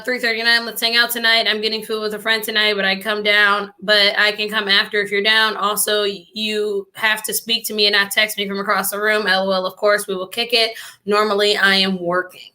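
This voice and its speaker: A woman's voice: mid-range voice, moderate pace. A woman hosting a reaction commentary, chatty and slangy, talking straight to her viewers. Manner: chatty, animated, addresses viewers directly; slangy casual speech. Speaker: commentary host.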